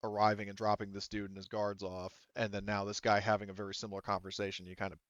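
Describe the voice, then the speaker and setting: Low-voiced guy running a tabletop game, lots of ums and likes, dull dry sound. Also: monotone, fast talker, a bit bright, no echo. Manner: rambling, hesitant, many fillers. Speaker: game master.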